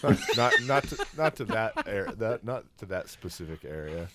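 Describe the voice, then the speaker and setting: A man's voice: lowish voice, sing-song, normal speed, heavy background noise. A man from the Santa Cruz area, a guest musician chatting casually and joking wryly. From Santa Cruz area, California. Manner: wry, joking. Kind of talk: casual chat.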